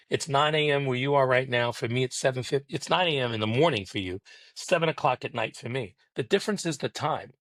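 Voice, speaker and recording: A man's voice: medium pitch, expressive, moderate pace, fairly bright tone, no echo. A man speaking as a podcast guest over a remote call, preachy and emphatic, building rhythmic motivational lines.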